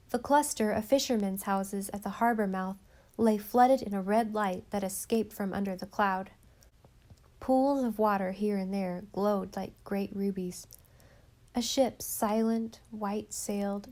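A woman narrating a storybook in an expressive reading voice, softening on quiet passages. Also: medium pitch. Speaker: audiobook narrator.

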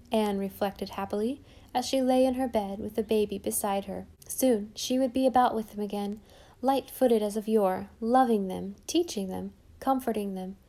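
A woman reading a novel aloud as narrator with gentle, expressive storytelling. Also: fairly high pitch. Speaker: audiobook narrator. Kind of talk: scripted narration.

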